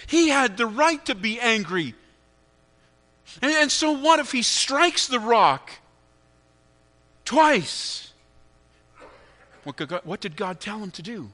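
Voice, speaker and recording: A middle-aged male pastor preaches with a high, bright voice that climbs and dips all over the place. He acts out his own irritations with animated flair, then drops to a quiet, earnest tone. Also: takes it slowly, pauses often. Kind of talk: sermon.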